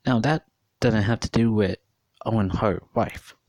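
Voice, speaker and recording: A man's voice: fairly low pitch, measured pace, a little mellow, dry recording. A man in his thirties giving an earnest, repetitive opinion monologue, often repeating and questioning. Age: 30s. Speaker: vlogger.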